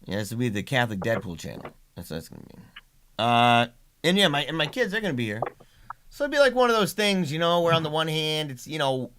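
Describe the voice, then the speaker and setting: A man's voice: on the high side, big pitch swings, fast talker, fairly bright tone, a little hiss or hum. A middle-aged man hosting a casual livestream, chatty and laughing, with many restarts. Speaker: livestream host and father.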